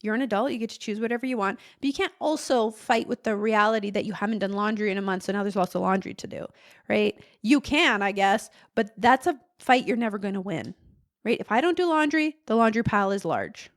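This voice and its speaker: Chatty woman podcast host, mid-pitched. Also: expressive, fairly quick. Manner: conversational, acts out frustrated inner voices in a higher pitch. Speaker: podcast host and ADHD therapist. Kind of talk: casual solo podcast talk.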